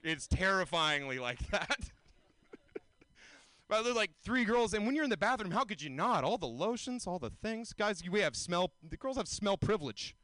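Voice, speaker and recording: A man in his twenties performing a self-mocking stand-up set, often jumping into high mocking voices. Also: very animated, normal speed, bright, forceful tone, dry recording. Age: 20s. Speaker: stand-up comedian.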